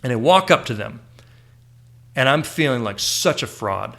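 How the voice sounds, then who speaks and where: A man in his thirties hosting a podcast, telling a personal story with lively swings, jumping high when he acts out his younger self. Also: normal speed, vocal fry, long pauses. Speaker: podcast host. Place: indoor room with a shelf.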